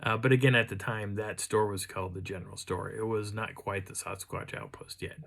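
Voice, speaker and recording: A man's voice: on the low side, fairly even intonation, a little fast, gravelly, a bit bright. A man hosting his own channel, telling a casual story to the camera in a rambling way, with frequent restarts and fillers. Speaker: channel host.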